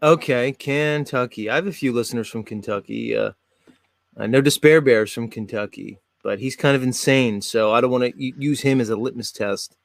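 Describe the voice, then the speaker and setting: A man's voice: mid-range voice, moderate pace, creaky, no room sound. Chatty American man hosting, dry mic. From South Jersey, USA. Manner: rambling, filler-heavy, chatty. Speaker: podcast host. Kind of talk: casual chat.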